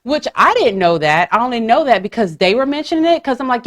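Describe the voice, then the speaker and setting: Animated gossipy woman podcast host. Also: a little high, fast, hardly any pauses. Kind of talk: casual chat.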